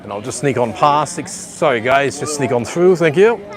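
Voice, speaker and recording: A man's voice: medium pitch, expressive, normal speed, over music. A man, giving rambling live walking-tour commentary at a beach resort and talking to viewers at home. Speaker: livestream vlogger. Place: outdoor beach resort pool area. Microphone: handheld phone camera.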